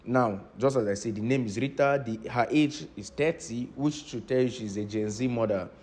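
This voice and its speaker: A man's voice: medium pitch, normal speed, a little mellow. A man teaching a business training class, repeating key points and often asking his students if they understand. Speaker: instructor. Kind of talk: lecture-style class.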